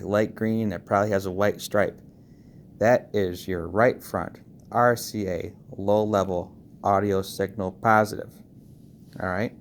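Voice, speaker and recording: A man giving a casual how-to walkthrough on car audio wiring, talking quickly and checking in with frequent "okay"s. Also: fairly low pitch, slight background noise. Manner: talks fast, checks in with frequent okays.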